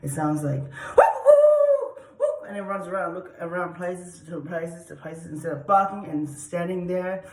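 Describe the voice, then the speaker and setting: A woman's voice: on the low side, steady tone, moderate pace, few pauses. A woman explaining dog behavior in a rambling, casual way, repeating herself and acting out dog sounds. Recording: roomy echo.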